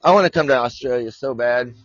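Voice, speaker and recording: A man's voice: mid-range voice, fast, a bit bright, muffled recording, a little hiss or hum. A man hosting a casual live podcast from his desk, rambling and joking, swearing casually. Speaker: podcast host. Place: home desk with his dog nearby.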